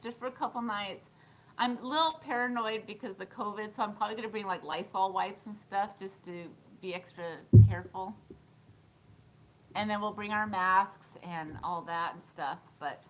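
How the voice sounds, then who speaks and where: A woman's voice: medium pitch, sharp tone, a little hiss or hum, low-quality recording. A woman in her thirties chatting casually on a live stream, giggling often and answering viewer comments. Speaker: thrift vlogger.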